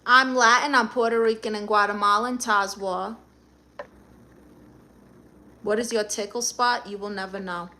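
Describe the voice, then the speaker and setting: A woman's voice: medium pitch, steady tone, a little slow, long pauses, sharp tone. A middle-aged woman with a Brooklyn accent, hosting a live stream and reading chat comments aloud with blunt, sassy comebacks.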